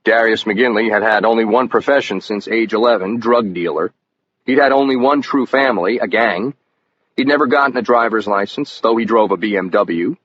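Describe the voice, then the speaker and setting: A man giving scripted first-person audiobook narration in an even, measured storytelling manner. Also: lowish voice. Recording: muffled lo-fi audio with faint hiss.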